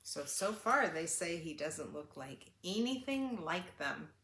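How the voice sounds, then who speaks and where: An older woman reading a picture book aloud to children, animated and asking them questions. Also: on the low side, takes it slowly, reverberant. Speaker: children's story reader.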